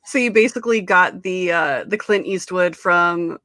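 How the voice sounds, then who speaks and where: A woman's voice: fairly low pitch, moderate pace, fairly bright tone, dry recording. A woman hosting a livestream chat, gushing and playful, swearing now and then. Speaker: stream host.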